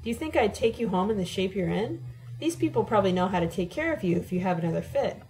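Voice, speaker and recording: A woman's voice: mid-range voice, animated, quick pace, darkish tone, faint music behind, lightly acted, low-quality recording. A woman reading the part of an exasperated young man who presses with blunt questions, in an audiobook.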